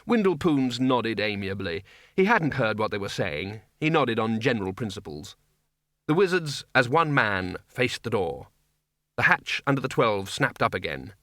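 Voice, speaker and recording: A man's voice: fairly low pitch, sing-song, moderate pace, sharp tone, dry recording. A man narrating a comic fantasy audiobook in a dry, wry storytelling manner. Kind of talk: scripted narration.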